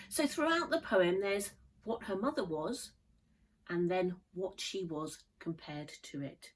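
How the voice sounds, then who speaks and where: A woman teacher giving a measured, thoughtful poetry lesson. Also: lowish voice, poor audio. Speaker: English literature teacher.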